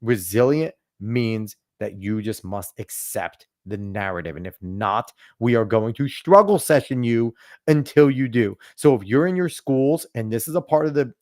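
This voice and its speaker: A man's voice: medium pitch, lively intonation, normal speed, a little mellow, dry recording, studio quality. A man hosting a podcast, ranting emphatically and swearing freely in casual political chat. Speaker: podcast host.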